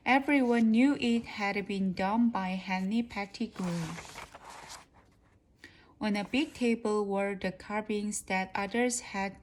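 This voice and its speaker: Woman, native Korean speaker, careful storybook reader; slow pace, light hiss. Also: mid-range voice, poor audio. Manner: careful, practicing reader with small slips. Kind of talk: reading a children's storybook aloud.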